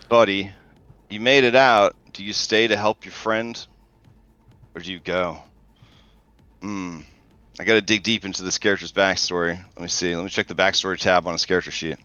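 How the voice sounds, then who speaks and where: A man's voice: low-pitched, pushed and bright, smooth, lo-fi sound. A man narrating a tabletop game as game master in loose, chatty talk, swearing and thinking aloud.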